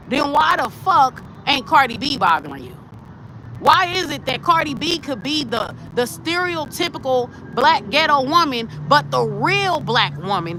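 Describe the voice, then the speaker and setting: A high-pitched woman talks with a lively, swooping delivery, ranting bluntly and profanely as a tarot channel host. The recording is noisy, with traffic passing outside. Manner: blunt, profane and animated, talking straight at the camera. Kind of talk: casual ranting commentary.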